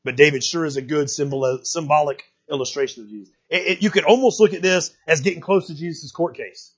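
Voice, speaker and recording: A man preaching a sermon in a folksy, animated way, often checking in with the congregation. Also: on the high side, a little fast, breathy edge, muffled recording. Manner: folksy, animated preaching with frequent "right?" asides. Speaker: pastor.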